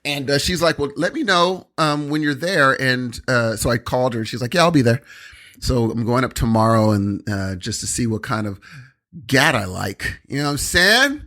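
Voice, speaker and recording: Man, young adult, podcast co-host, rambling storyteller, lots of fillers, very lively pitch. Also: moderate pace. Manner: rambling anecdotes with many fillers and quoted voices. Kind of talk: casual chat, storytelling.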